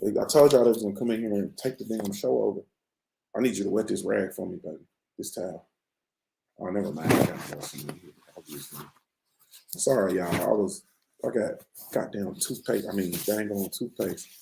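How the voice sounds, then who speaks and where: Gravelly laid-back male show host. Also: fairly low pitch, normal speed, dark tone, reverberant, slight background noise, rough recording. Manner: laid-back, rambling, slangy. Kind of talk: casual morning-show chat. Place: room at home.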